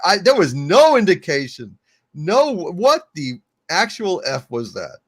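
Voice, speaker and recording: A man co-hosting a casual podcast and mocking a film with sarcasm. His voice is fairly high for a man and very animated, swinging up and down as he talks. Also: measured pace. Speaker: show co-host. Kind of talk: casual podcast movie review.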